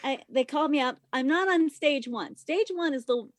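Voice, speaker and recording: A young adult woman, a podcast guest, telling a story casually in an animated, profane way, loud when she quotes herself. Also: sits high, normal speed, no echo. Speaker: podcast guest, former stripper.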